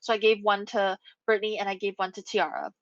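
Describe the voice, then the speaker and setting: A young adult woman, a podcast co-host, telling a story in casual chat with animated, swearing delivery. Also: mid-range voice, quick pace, no room sound. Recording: dull lo-fi recording.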